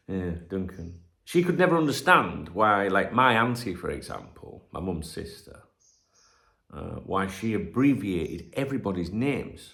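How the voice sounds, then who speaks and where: A man's voice: fairly low pitch, vocal fry, fairly bright tone. A man in his forties with a Northern English accent, chatting casually on a home livestream as host, rambling, sweary and jokey. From north of England. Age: 40s. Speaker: channel host.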